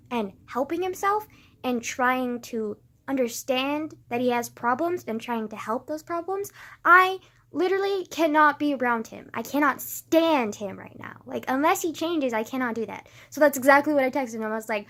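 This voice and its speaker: A woman with a somewhat high voice talks straight to camera in a casual confessional vlog. She is grieving and rambles, filling every pause with small filler words. Her voice drops low and quiet, then flares up loud and raw. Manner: rambling, heavy filler words, swings between quiet and loud emotional bursts. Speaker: vlogger.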